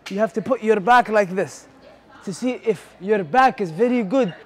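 A man's voice: high-pitched, moderate pace. Casting: man, melodramatic prankster, begging and pleading. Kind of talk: prank video in public.

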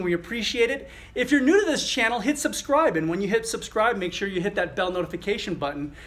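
A middle-aged male chiropractor with a voice that sits high demonstrates a thumb exercise. He talks through each movement in a relaxed way, using fillers.

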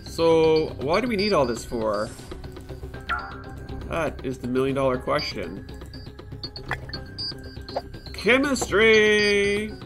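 Slow, lively-voiced man streaming a game. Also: mid-range voice, music in the background. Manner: chatty, reacts aloud and laughs easily; chats with viewers about snacks and drinks. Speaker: let's play host. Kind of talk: live-streamed gameplay commentary.

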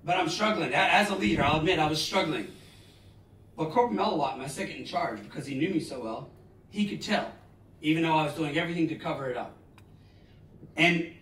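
40s guy doing a motivational speech, dramatic storytelling, kinda high voice, mic far off in a big echoey hall. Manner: dramatic storytelling, bursts of loud emphasis. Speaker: motivational speaker. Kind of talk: live motivational talk. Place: large lecture hall. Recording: roomy hall, distant mic.

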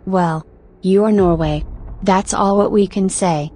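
A woman presenting jury votes in a blunt, offhand, deadpan way. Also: mid-range voice, a little slow. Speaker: jury spokesperson. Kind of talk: scripted vote presentation.

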